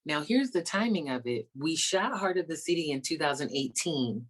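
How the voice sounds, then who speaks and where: A woman stand-up comedian chatting as an interview guest, telling stories in an animated way and acting out the people she quotes, over a video call. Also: deep voice, normal speed. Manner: animated storyteller, acts out quoted voices. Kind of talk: casual interview chat.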